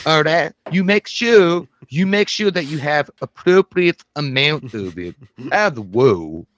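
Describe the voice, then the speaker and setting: A man's voice: a little high, lively intonation, slow pace, fairly bright tone. A man voicing Slender Man, a tall faceless creature, giving stilted fatherly advice in a formal, lecturing way.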